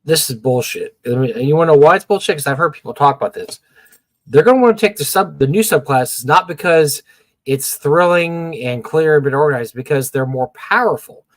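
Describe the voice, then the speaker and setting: A man's voice: on the high side, fairly quick, dry recording. A middle-aged man co-hosting a casual gaming livestream, blunt and opinionated, often repeating words as he talks. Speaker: podcast co-host.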